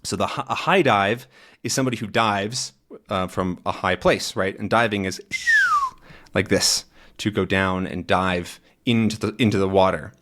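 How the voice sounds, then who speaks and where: A man teaching English by reading a comic aloud and explaining it in a relaxed, chatty way with frequent fillers. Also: on the low side, normal speed.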